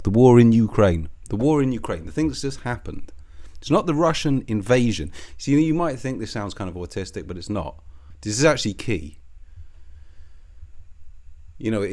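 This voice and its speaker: A man's voice: on the low side, darkish tone. A man delivering a profane, scornful, sarcastic political commentary rant. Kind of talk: ranting commentary.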